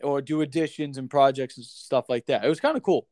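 A man telling a rambling, animated story in casual podcast chat, swearing freely and saying "like" and "dude" a lot. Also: medium pitch, fairly quick, dry recording.

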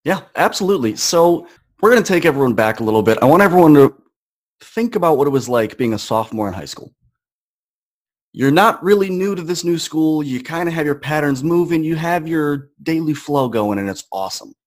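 A young man in his twenties, a podcast guest, earnestly telling a personal story in a relaxed, conversational way. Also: on the high side, fairly quick. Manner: earnest, conversational, acts out quoted voices.

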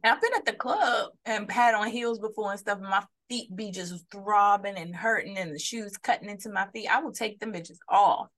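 Woman co-host telling stories, mid pitch. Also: moderate pace, few pauses, a bit bright. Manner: storytelling, acts out quotes in shifting voices. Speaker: podcast co-host. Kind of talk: casual chat.

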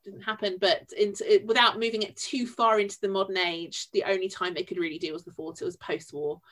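A woman with a Yorkshire accent, co-hosting a podcast and chatting casually about a film in an animated way, with wry asides. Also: medium pitch, fast talker, a little hiss or hum. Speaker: podcast co-host. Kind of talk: casual film review chat.

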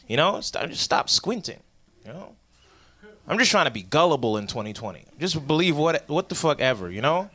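A man's voice: fairly high pitch, big pitch swings, a little fast, bright, forceful tone. A young man doing a stand-up comedy set, talking in a loose, profane, conversational way and acting out the voices he quotes.

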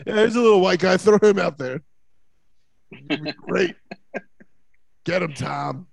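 A man co-hosting a casual sports talk show, telling loud, rambling, mocking stories. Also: high voice, animated, slow, creaky, long pauses, dry recording. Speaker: co-host.

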